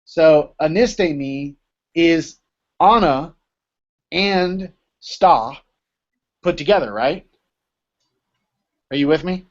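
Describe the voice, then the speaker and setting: Male teacher, casual lecture, keeps asking "right?", slightly high voice, muffled lo-fi audio. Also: animated, slow, long pauses. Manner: explains with many rhetorical checks like "right?". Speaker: Greek teacher. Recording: dull lo-fi recording.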